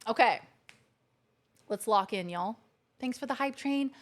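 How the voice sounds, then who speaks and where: A woman's voice: on the high side, expressive, measured pace. A woman streaming a video game from her couch at home, chatting casually and gushing thanks to her viewers. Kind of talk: casual live-stream chat. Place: living room couch at home.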